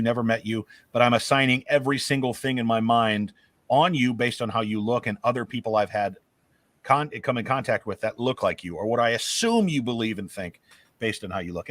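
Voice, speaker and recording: A married man co-hosting a casual chat, telling stories with animated, opinionated swings and some swearing. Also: mid-range voice, no room sound. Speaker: podcast co-host.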